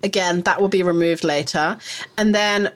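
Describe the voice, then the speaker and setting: A woman's voice: on the low side, moderate pace. Chatty rambling woman podcast co-host. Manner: chatty, rambling, laughs often. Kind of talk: casual chat.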